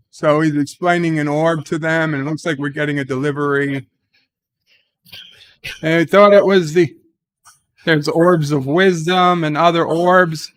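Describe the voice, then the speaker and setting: A man's voice: on the high side, a bit bright, clear, resonant tone. A man hosting a live reaction stream, retelling the scenes in a casual, rambling way with restarts and fillers.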